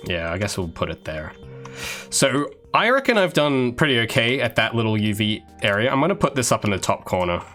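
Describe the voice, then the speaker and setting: A man's voice: mid-range voice, sing-song, fairly quick, fairly bright tone, faint music behind. A man, a game developer, chatting casually with viewers on a live stream while he works, rambling with restarts and asides. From Australia. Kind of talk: casual livestream chat while working.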